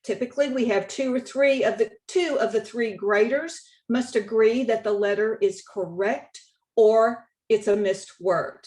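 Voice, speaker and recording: A woman with a Texan accent giving a conference talk on spelling contests, walking through slides in a measured, instructive way. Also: a little high, darkish tone. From Texas. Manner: measured, instructive, reads example quotes aloud. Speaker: state contest director.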